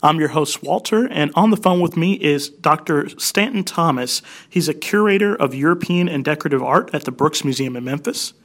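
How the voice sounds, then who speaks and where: A man's voice: on the high side, animated, normal speed, hardly any pauses, a bit bright. A young man hosting a radio interview, talking enthusiastically with many ums and restarts. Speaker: radio show host.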